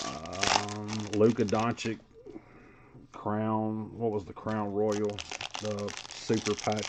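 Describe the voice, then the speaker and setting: A man's voice: lowish voice, background noise. A man hosting a live sports card break, calling out player names in a casual, chatty way.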